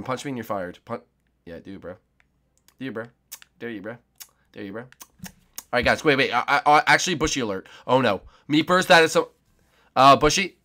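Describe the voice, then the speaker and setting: A young man giving let's play commentary on a game, excitable and often shouting and squealing. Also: medium pitch. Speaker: gaming YouTuber.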